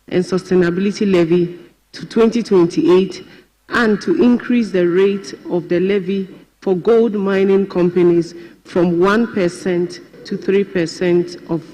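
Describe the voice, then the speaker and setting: High-voiced clerk reading formally. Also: male voice, fairly even intonation, unhurried, warm tone. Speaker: clerk of parliament. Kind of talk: reading a bill title aloud. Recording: long reverb of a large chamber.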